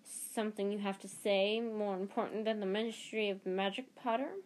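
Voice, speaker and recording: A woman's voice: mid-range voice, fairly even intonation, moderate pace, a little mellow, lightly acted. Woman doing a strict old lady professor, cold, clipped and curt, storybook reading. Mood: stern. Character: stern older female professor, cold and strict.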